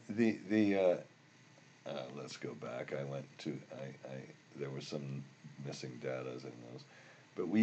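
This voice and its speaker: An older man teaching a software tutorial while recording his screen, rambling and grumbling about bugs as he works. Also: low-pitched, lo-fi sound. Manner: rambling, easily frustrated, grumbling asides. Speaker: instructor.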